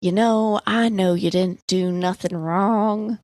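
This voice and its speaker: A woman's voice: medium pitch, steady tone, slow, a little mellow, no echo, close to an everyday voice. A woman briefly voicing a folksy Southern male sheriff, playing good cop. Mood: friendly. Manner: drawling good-cop friendliness.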